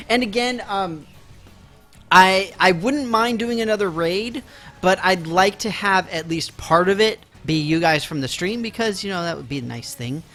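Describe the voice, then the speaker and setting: A man's voice: sits high, fairly bright tone. A man chatting casually with his viewers during a live game stream, laughing often and teasing them with mock offense.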